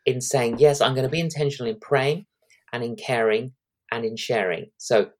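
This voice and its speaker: A man in his sixties, an evangelist, telling lively anecdotes as a guest in an interview, acting out the quotes. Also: medium pitch, moderate pace. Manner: animated anecdotes with acted-out quotes.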